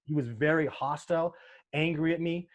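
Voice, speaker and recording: A man's voice: a little high, moderate pace. A man being interviewed as a sasquatch researcher, talking earnestly and emotionally, with frequent restarts as he tells his stories. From Canada. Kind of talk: casual interview talk.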